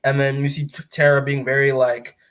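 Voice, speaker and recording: A man co-hosting a comic book podcast, giving a casual recap that rambles with fillers, restarts and quick quoted lines from the scenes. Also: mid-range voice, level tone, a bit bright, clear, resonant tone. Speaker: podcast co-host.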